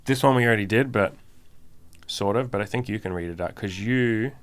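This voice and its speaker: A man's voice: lowish voice, a little fast, smooth. A man co-hosting a podcast, talking in a casual, candid and emphatic way, swearing freely. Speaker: podcast co-host. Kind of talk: casual chat.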